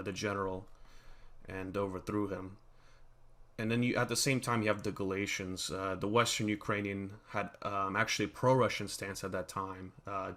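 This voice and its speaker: Lower-pitched man rambling through history. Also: a bit bright. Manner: rambling, with frequent fillers and restarts. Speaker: channel host. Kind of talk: unscripted history monologue.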